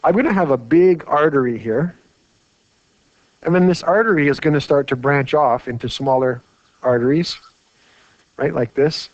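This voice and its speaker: A man's voice: a little high, moderate pace, long pauses, darkish tone, no echo. A man teaching a lecture while drawing on a whiteboard, chatty and full of rhetorical questions. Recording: dry, dull lo-fi mic.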